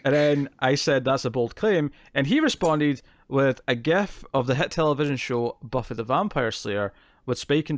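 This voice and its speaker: Podcast co-host, male, mid pitch, dry close sound, rambling and giggly. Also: no room sound. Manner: rambling, laughs often. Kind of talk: casual chat.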